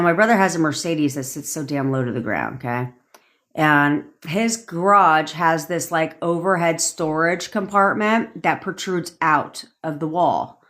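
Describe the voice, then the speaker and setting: A woman's voice: sits low, a bit bright. Profane storytelling woman on a live stream. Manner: storytelling, profane, emphatic, repeats herself. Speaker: manifestation coach. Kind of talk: casual live-stream rant.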